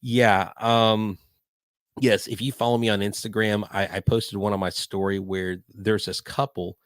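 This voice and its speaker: An older man hosting a live podcast, talking in a hyper, rambling way. His voice sits a little low, and the sound is dry and close. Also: little pitch movement, unhurried, no room sound. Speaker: podcast host. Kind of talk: live-stream casual chat.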